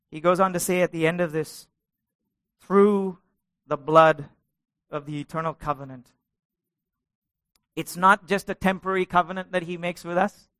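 A man's voice: high voice, fairly bright tone, dry recording. A middle-aged male pastor preaching a sermon, asking his congregation questions and building to passionate peaks.

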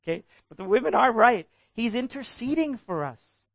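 Male pastor, sermon, animated, questions the congregation, dry close sound. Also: very high-pitched, moderate pace, vocal fry, no echo. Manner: animated, asks the congregation questions and calls for answers.

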